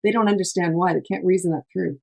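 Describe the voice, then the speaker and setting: Middle-aged woman, lowish voice, parenting coach, chatty and emphatic. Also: quick pace, gravelly, darkish tone. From Canada. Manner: chatty, emphatic, laughs often, acts out quotes. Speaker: parenting coach, podcast host. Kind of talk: casual advice chat.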